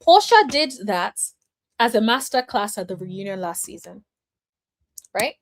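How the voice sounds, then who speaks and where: A woman's voice: mid-range voice, lively intonation, unhurried. A woman giving casual commentary as a reality TV recap vlogger, chatty, emphatic and opinionated, calling her viewers y'all and honey.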